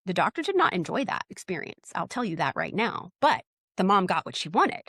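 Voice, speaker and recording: A woman's voice: mid-range voice, sing-song, a little fast, a bit bright, breathy edge, no echo, clean studio sound. A middle-aged woman, a doula telling stories in a casual interview, blunt and outspoken, and she often acts out the dialogue. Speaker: doula, podcast guest.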